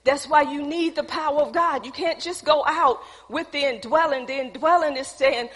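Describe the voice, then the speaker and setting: High, bright-toned woman preaching a sermon. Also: moderate pace, hardly any pauses. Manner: preaching with questions to the congregation and casual asides. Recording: long hall reverb.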